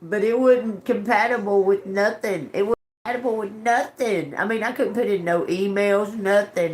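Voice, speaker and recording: A woman's voice: mid-range voice, normal speed, hardly any pauses, a little hiss or hum. A woman chatting on a live stream from home into her phone, rambling, cursing and laughing as she tells a story. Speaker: tarot reader. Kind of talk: casual live-stream chat.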